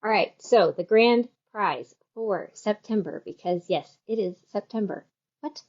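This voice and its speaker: A woman's voice: medium pitch, a little mellow, dull audio. Chatty woman hosting a yarn shop stream. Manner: chatty, rambling, quick asides. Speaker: yarn shop live show host. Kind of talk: casual chat with product demo.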